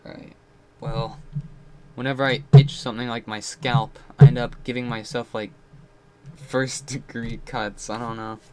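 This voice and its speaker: A man giving casual gameplay commentary, rambling and frustrated, muttering low and then yelling out. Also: flat delivery, a little slow, crowd noise. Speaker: gamer playing and commenting.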